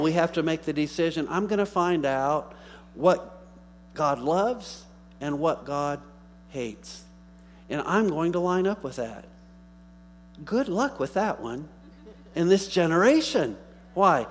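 A male pastor preaching a sermon, rising into emphatic bursts and dropping to quiet asides. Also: a little high, lively intonation, slow pace, pauses often. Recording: faint mains hum.

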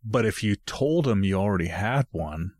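A man's voice: on the low side, lively intonation, normal speed, a little mellow, no echo, clean studio sound. A man in casual conversation, telling a rambling story and correcting himself along the way. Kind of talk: casual chat.

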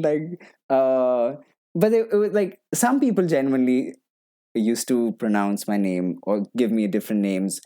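Guy chatting, mellow warm tone, jumps around, laughs a lot. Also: medium pitch, measured pace. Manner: animated, laughs often, restarts mid-sentence. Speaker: actor guest. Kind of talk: casual conversation.

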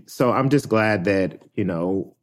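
A man with a low voice, speaking as a podcast guest. He talks reflectively and thoughtfully, with many pauses and filler words as he works through his thoughts. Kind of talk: reflective conversation.

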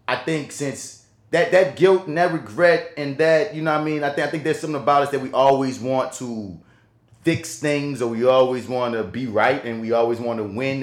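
Animated, profane man in an echoey room. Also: medium pitch. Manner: animated, profane, storytelling with acted quotes. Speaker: podcast co-host. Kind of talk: casual podcast chat.

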